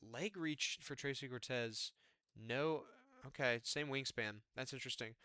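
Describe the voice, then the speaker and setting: A young man casually breaking down fight predictions in an excitable, chatty way, peppered with "man" and "dude". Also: mid-range voice, unhurried, smooth, dry recording, clean studio sound.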